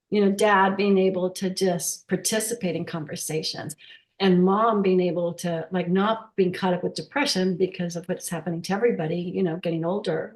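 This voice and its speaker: A woman sharing a heartfelt personal story on a video call, talking in a halting, emotional way with many restarts. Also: fairly low pitch. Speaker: workshop participant sharing a story. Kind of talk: casual testimonial. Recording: roomy echo.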